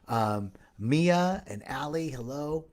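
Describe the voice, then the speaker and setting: A man's voice: a little high, lively intonation, takes it slowly, darkish tone. Upbeat man chatting on a live stream. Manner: greets viewers by name mid-sentence; loose, rambling, upbeat. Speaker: retreat host. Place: outdoor retreat in tropical setting.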